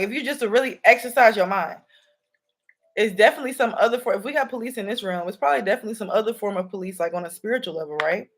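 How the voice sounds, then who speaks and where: Woman, spiritual reader, casual rambling talk, calls viewers y'all, mid pitch. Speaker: spiritual reader and channel host. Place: home room with candles.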